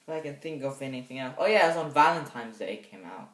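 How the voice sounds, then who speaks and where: A young man reviewing a movie in a rambling, hesitant way, with sudden loud bursts of excitement. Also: medium pitch, fast talker. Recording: echoey room, mic set back.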